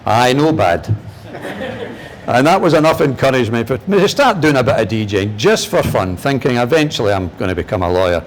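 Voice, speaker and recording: An older man with a Glaswegian Scottish accent tells funny stories from his career at a lecture. His delivery is lively and animated, and his pitch jumps for punchlines. His voice sits in an ordinary male register. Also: fast talker, few pauses, slight background noise. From Scotland. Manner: humorous, animated storyteller, shifting pitch for punchlines. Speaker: guest lecturer and broadcaster. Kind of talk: anecdotal storytelling lecture.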